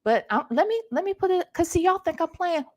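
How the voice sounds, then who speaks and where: A woman vlogger doing animated gossip commentary, repeating herself and talking back to her live chat. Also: very high voice, a little fast.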